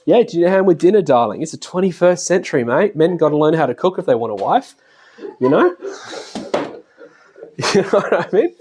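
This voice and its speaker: A man's voice: fairly high pitch, very animated, fairly quick, pauses often, darkish tone, breathy edge. A middle-aged man giving a casual spoken lecture, chatting, laughing often and acting out the voices of family members. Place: classroom.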